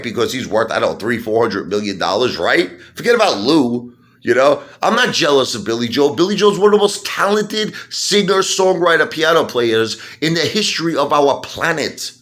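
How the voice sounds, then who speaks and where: A man ranting in an animated monologue, mocking and excitable, swinging between loud outbursts and muttering. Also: fairly high pitch, normal speed. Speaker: stock-market video host.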